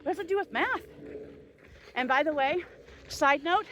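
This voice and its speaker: A middle-aged woman rants on a walk outdoors, heated and sarcastic. Her voice sits high and leaps around with emphasis. A faint outdoor background hums behind her. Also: expressive, moderate pace, a bit bright, slight background noise. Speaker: vlogger. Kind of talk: angry rant.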